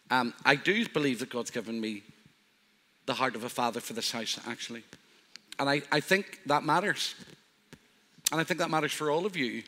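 An older man preaching as pastor, telling humorous personal stories. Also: medium pitch. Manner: warm storytelling with self-deprecating humor. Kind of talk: sermon. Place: church hall. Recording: live church hall reverb.

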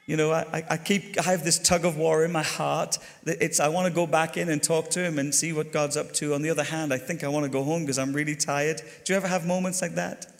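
Irish pastor preaching in an echoing hall. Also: male voice, fairly high pitch, fast talker, vocal fry, hardly any pauses. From Ireland. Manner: chatty and animated, talks to the congregation directly. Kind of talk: sermon storytelling. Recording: long hall reverb.

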